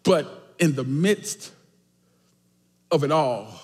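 A man preaching a sermon as pastor, swinging emphatically between shouted lines and quiet asides. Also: mid-range voice, animated, unhurried, pauses often. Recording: echoey church hall.

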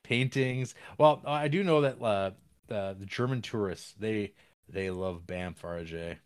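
Man, low voice, casual podcast chat, rambling and halting, film recap. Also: smooth. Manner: rambling, halting with restarts and fillers. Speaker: podcast co-host.

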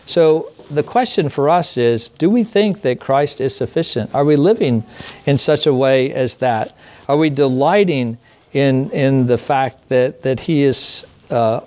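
Brief: middle-aged man, pastor, conversational sermon, rhetorical questions, muffled low-fi church tape. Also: unhurried, darkish tone.

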